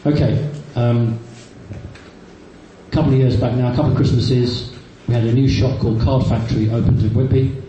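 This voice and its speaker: A man in his fifties recounts personal experiences to a live audience, telling stories full of fillers and restarts. His voice is medium-pitched, steady, mellow and at normal speed. The recording is muffled, in a very echoey hall with faint background noise.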